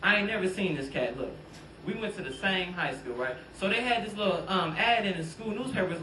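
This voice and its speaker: A man's voice: high-pitched, lively intonation, fairly quick, pushed and bright, recorded from a distance, a little hiss or hum. A young man from doing a stand-up comedy set, bantering loosely and talking straight to the crowd. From Detroit. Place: comedy club stage. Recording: roomy club sound, mic set back.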